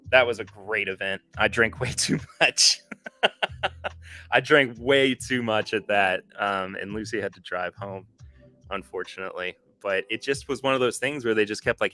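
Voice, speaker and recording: A weary man hosts a live podcast stream and chats loosely with viewers, often stopping to correct himself. His voice sits somewhat low but has a bright, forceful edge. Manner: rambling, self-correcting, chatty with viewers. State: tired. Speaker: podcast host. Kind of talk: casual live-stream chat.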